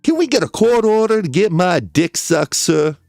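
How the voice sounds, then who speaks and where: A man doing a shrill, yelling defendant. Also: sing-song, normal speed, no echo, studio quality, faint music behind. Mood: mocking. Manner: crude, taunting, yelling. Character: loud defiant male defendant in court. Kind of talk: dramatic reading of a trial transcript.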